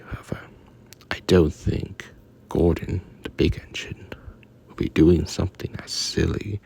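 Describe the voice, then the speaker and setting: A man narrating a children's story in a hushed, confiding, slow read-aloud. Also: low voice, fairly even intonation, creaky, breathy edge, in a whisper.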